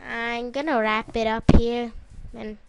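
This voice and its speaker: A woman giving casual, rambling gameplay commentary, excitable and prone to loud outbursts, with music behind her. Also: fairly high pitch, measured pace, very noisy. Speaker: gaming YouTuber.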